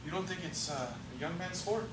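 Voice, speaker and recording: A man's voice: high voice, fairly quick, lightly acted. A man playing a wistful, stammering sixty-year-old man in an improv comedy scene. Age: 60s. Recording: echoey room, mic far off, noise.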